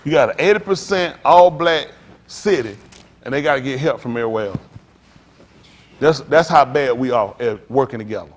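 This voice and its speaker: A man preaching a sermon as pastor, telling stories with loud outbursts. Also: medium pitch, normal speed, slight background noise. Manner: animated preaching with storytelling, loud outbursts and laughs.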